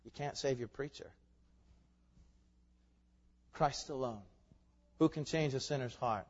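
A pastor preaching a sermon, shifting from quiet conversational asides to loud, emphatic, building climaxes. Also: male voice, mid-range voice, takes it slowly. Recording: long reverb, dull lo-fi sound.

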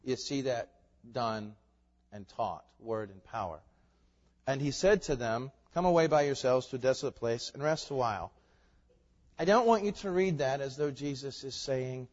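A man's voice: medium pitch, moderate pace. Man preaching in a long-echoing hall. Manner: swings from quiet asides to loud emphatic climaxes. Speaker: pastor. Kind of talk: sermon. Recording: long reverb, dull lo-fi sound.

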